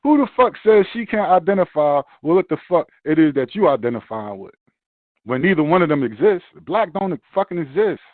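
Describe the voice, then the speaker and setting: Brief: fired-up New guy, slightly high voice, dry and tinny sound, swears a lot. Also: fairly quick, no echo. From Brooklyn, New York. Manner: profane, animated ranting. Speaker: podcast host. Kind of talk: casual chat.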